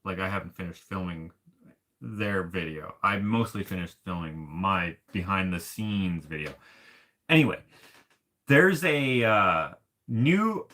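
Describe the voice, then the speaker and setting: A man's voice: medium pitch, fairly bright tone. A man, an artist, chatting casually to camera in a rambling, self-deprecating way and laughing often. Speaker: artist vlogger. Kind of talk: casual rambling vlog chat.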